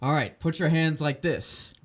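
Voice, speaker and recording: A man's voice: fairly high pitch, pitched above the performer's own voice, lightly acted. A man voicing a stern old male tea shop owner who barks curt orders. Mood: commanding. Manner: curt commanding orders, slow and loud.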